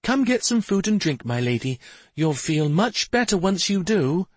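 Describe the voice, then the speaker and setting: A man reading an audiobook, voicing a small gentle female fairy handmaiden with a soft, coaxing, tinkling voice. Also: on the high side, big pitch swings, measured pace, husky, no room sound, voice pushed up, full character voice. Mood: soothing. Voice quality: tinkling chime voice.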